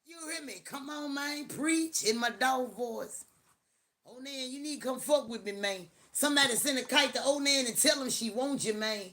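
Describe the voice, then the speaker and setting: Woman live-stream host, middle-aged, bright edgy tone, loud cussing joking rant. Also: high-pitched, normal speed. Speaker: livestream host. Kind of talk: casual live-stream chat.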